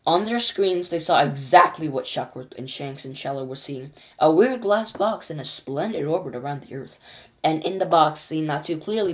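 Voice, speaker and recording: A woman with a low voice reads a children's storybook aloud. Her delivery is lively and expressive.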